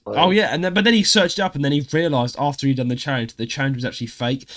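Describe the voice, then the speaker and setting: A man's voice: medium pitch, fast talker, a bit bright. A man co-hosting a gaming podcast in casual chat, rambling with many fillers and restarts. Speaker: podcast co-host and streamer.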